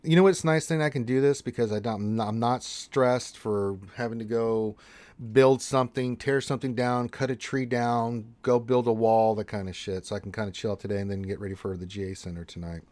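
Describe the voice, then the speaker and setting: A man's voice: mid-range voice, steady tone, fairly quick, darkish tone, dry recording. A man co-hosting a gaming livestream, giving casual, laid-back advice to viewers and calling them dude and man. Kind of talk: casual chat, reading viewer questions.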